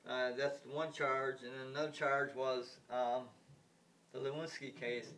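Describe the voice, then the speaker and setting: A man's voice: mid-range voice, flat delivery, a little slow, fairly bright tone. A man in a rambling political rant, blunt and indignant, repeating himself and restarting his sentences. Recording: voice distant from the mic.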